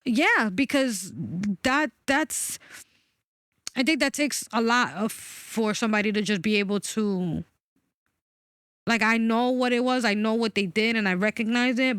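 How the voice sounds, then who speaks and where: Frank woman in her forties, smooth voice. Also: medium pitch, a bit bright, dry recording, studio quality. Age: 40s. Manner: frank and emphatic, swears freely. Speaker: guest. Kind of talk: candid personal conversation.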